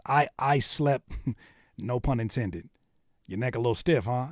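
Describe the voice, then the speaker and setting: A man's voice: medium pitch, animated, normal speed, vocal fry, darkish tone, no room sound, clean studio sound. A man hosting a live music reaction stream, bantering and teasing his chat viewers. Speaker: livestream host reacting to music.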